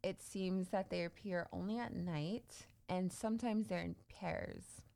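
A woman's voice: lowish voice, a little slow, creaky, darkish tone. A woman hosting a podcast, casually telling a creepy story with lots of fillers. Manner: chatty, many fillers, laughs easily. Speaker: podcast host.

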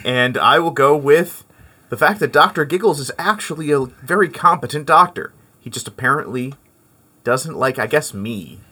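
A man with a bright, slightly husky voice trades dry quips in a casual podcast. His pitch moves a lot as he talks. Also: animated, moderate pace. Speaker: podcast co-host. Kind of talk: casual comedic banter.

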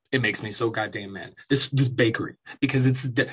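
A man's voice: fairly low pitch, fairly quick, husky. A man delivering an angry, profane, sarcastic rant as commentary, with mocking asides. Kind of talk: ranting commentary.

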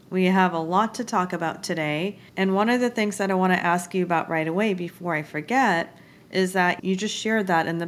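A woman hosting a podcast, chatting and asking her guest questions in a friendly, conversational way. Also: fairly low pitch. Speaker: podcast host. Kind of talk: casual interview chat.

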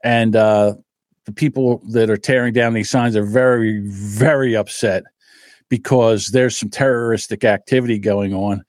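A man hosting a podcast, telling animated stories, swearing freely and laughing as he talks. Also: lowish voice, normal speed, dry recording, clean studio sound. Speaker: podcast host. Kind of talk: casual storytelling and commentary.

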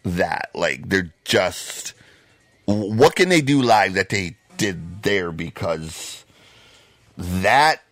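A man co-hosting a podcast, ranting in a heated, profane way and breaking into loud shouts. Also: low-pitched, expressive, extremely slow, no echo, soft background music. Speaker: podcast co-host.

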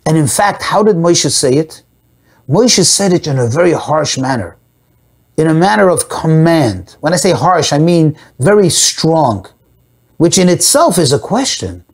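A man teaches a Torah class with a voice that swings widely up and down in pitch. He keeps posing rhetorical questions and then answering them himself. His English is full of Hebrew and Yiddish terms. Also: very animated, unhurried, breathy edge. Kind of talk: Torah class explaining a text.

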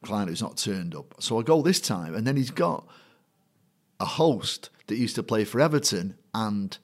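Middle-aged Mancunian man, lowish voice, lively raconteur who slips into other people's voices as he tells a story. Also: normal speed. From Manchester, England. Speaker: guest, matchday compere. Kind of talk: anecdotal storytelling in a conversation.

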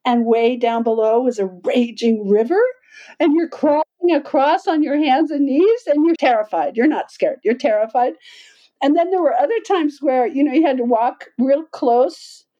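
Woman guest, high mellow voice, vivid storyteller who acts out quotes with laughter. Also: normal speed, lo-fi sound. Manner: animated, acts out quoted voices with big pitch jumps; laughs often while talking. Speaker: podcast guest. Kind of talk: storytelling in conversation.

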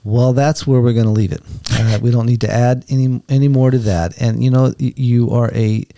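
A male podcast host closes an interview in an affirming, slightly halting way. His voice is low and gravelly with a dark, mellow tone. The sound is dry and close. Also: fairly even intonation, no room sound. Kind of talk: conversational interview wrap-up.

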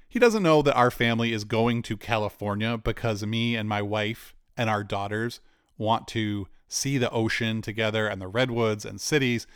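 Man in his forties, candid storyteller, mid-pitched voice, dry close sound. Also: clean tone, no room sound. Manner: candid, conversational, with laughs and asides. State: cancer patient. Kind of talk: personal storytelling.

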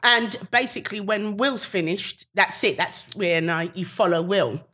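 A woman guest on a comedy podcast, talking in a relaxed, chatty way. She tells her stories with plenty of energy and jumps high in pitch when she acts out other people's lines. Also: measured pace, slightly rough. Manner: animated storyteller, acts out quotes with big pitch jumps. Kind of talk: casual podcast chat.

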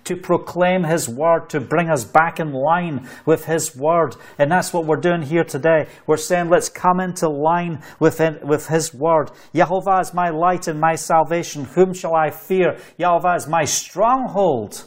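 A man's voice: on the high side, measured pace, few pauses. A man preaching an online sermon, fervent and repetitive, reading scripture aloud between his own exhortations. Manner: fervent, repeats phrases, reads scripture aloud.

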